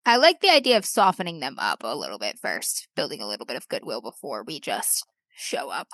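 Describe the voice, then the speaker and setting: Bright, bouncy-voiced woman player. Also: rumbling low, wildly swooping pitch, a little fast, no room sound. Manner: giggly, playful. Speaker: tabletop game player. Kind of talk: casual play chat.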